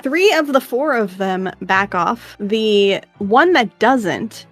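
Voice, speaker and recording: A woman running a tabletop game as dungeon master, narrating in a lively way and laughing often. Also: medium pitch, slow, soft background music.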